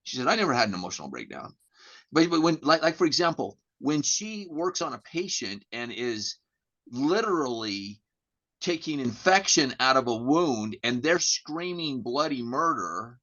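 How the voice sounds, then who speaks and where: A middle-aged man talks in a candid podcast chat at a middle pitch. He tells stories in an animated way, stumbles over repeated words and acts out both sides of the dialogue. The recording sounds dull and lo-fi. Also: moderate pace. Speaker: guest.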